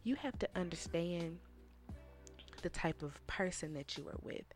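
Woman, young adult, casual reality TV commentary, sassy and animated, slightly low voice, faint music behind. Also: unhurried. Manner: sassy, animated, talks straight to the viewers. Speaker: reality TV recap host.

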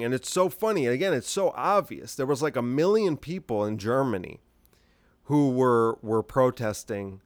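Male podcast host, mid pitch, smooth clear voice, dry close sound; rambling, sarcastic, incredulous delivery. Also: no echo. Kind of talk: solo political commentary podcast.

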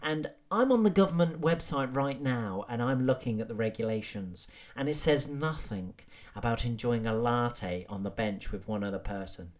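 A man's voice: mid-range voice, normal speed, hardly any pauses, natural voice. A man voicing a prim, nosy middle-aged woman who posts fussy, self-righteous warnings online, hesitating with ums.

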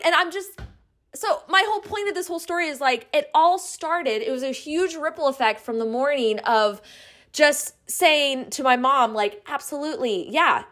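Excitable chatty woman telling a story. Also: sits high. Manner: excitable, chatty, many "like"s, acts out quotes. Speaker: podcast host. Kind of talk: casual storytelling monologue.

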